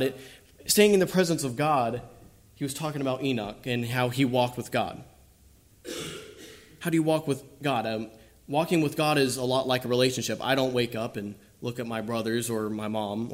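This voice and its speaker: A young man giving an informal sermon and closing prayer, speaking haltingly with many fillers and restarts. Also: mid-range voice.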